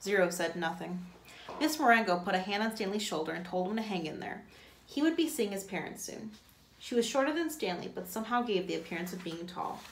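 A woman's voice: medium pitch, brisk. Woman teacher reading a novel aloud. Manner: plain, steady reading. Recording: echoey room.

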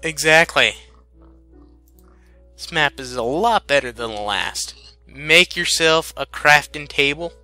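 A man's voice: on the high side, animated, slow pace, pauses often, pushed and bright, smooth, faint music behind. A man playing a game with a friend in casual chat, stammering and giggling often. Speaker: gamer.

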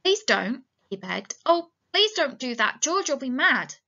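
A woman's voice: mid-range voice, measured pace, sharp tone. A woman voicing a big, simple-minded man who is frightened and pleading, talking in a childlike way and repeating himself. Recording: dull lo-fi recording.

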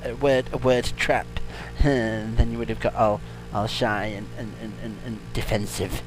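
A man hosting a comedic let's-play, excitable, silly and teasing as he talks over the game. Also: on the low side, normal speed, music in the background. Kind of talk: comedic gaming commentary.

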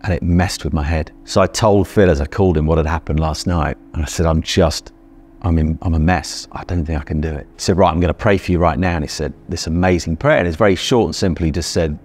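A man's voice: low voice, fast, a little mellow. A middle-aged British man earnestly telling a vivid personal story and acting out his own past thoughts. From Britain.

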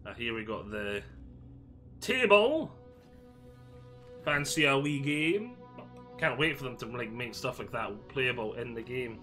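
A man's voice: mid-range voice, sing-song, a little slow, long pauses, pushed and bright, faint music behind. A Scottish man giving a chatty, jokey walkthrough of a video game, thinking aloud as he goes. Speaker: gaming video creator. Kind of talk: casual game walkthrough commentary.

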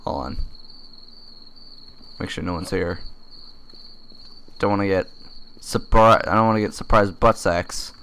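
A man's voice: deep voice, a little slow, long pauses, fairly bright tone, slight background noise. A young man giving casual, joking commentary while playing a survival game at his computer, swearing freely and bursting into laughter. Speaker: gaming commentator. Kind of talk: casual let's-play commentary.

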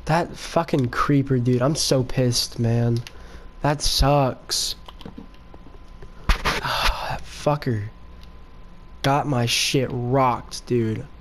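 A man giving casual gameplay commentary with excitable, cursing outbursts. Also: medium pitch, slow, pauses often, a little hiss or hum. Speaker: gaming video creator.

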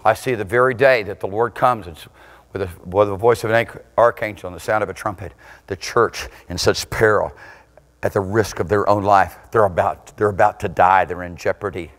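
A male pastor preaching a sermon with passion. He swings between loud, shouted peaks and low, intense passages. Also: fairly even intonation, a little fast.

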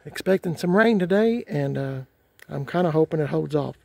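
Rambling man, gravelly voice. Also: on the high side, animated, normal speed, warm tone, dry recording. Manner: rambling, repeats himself, folksy. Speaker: vlogger. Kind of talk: casual rant to camera.

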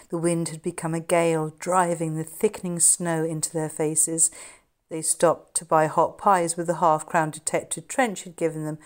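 A middle-aged woman, an author, narrating her novel in a measured, steady storytelling manner. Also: on the low side. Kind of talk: scripted narration.

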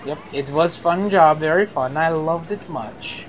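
A man's voice: fairly high pitch, a little slow, faint music behind, lightly acted, poor audio. A man putting on a broken-English foreign reporter. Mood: boastful. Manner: broken English, proud and cheerful. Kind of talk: game commentary.

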